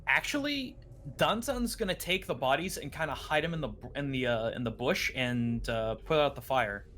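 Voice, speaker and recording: A man's voice: medium pitch, expressive, normal speed, sharp tone, a little hiss or hum. A man chatting as a player in a tabletop game, who stumbles over his words now and then. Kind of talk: casual tabletop game chat.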